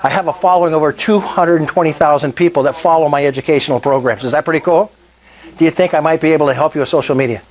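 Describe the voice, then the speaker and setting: Older man, sales talk, enthusiastic, question after question to the audience, slightly raised pitch. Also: rapid-fire, darkish tone. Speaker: meetup presenter. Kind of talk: sales presentation to a live group.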